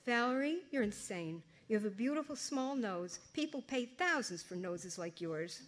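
A woman's voice: a little high, animated, natural voice. A woman voicing a blunt, scolding mother. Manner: brisk, dismissive, scolding. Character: fussy middle-aged mother, blunt and old-fashioned.

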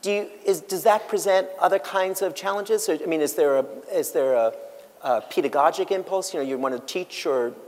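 A man's voice: fairly high pitch, brisk, darkish tone, big-room sound. A man moderating a panel, thoughtful and searching for words.

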